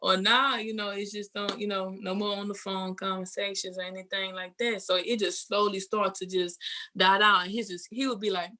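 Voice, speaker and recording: A woman's voice: mid-range voice, little pitch movement, normal speed, pushed and bright. A young woman, candidly telling her personal testimony in an interview, rambling with many fillers and quoted thoughts. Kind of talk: personal testimony, casual storytelling.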